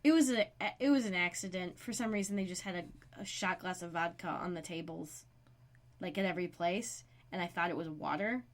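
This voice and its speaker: Woman, 30s, podcast co-host; blunt, quick jokes, casual swearing. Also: on the low side. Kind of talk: casual chat.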